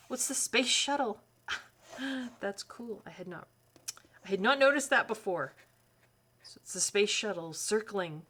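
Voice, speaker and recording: A woman's voice: lowish voice, fairly bright tone, slight background noise. A woman hosting a colouring channel, chatting as she flips through a book, rambling and correcting herself with lots of fillers. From Canada.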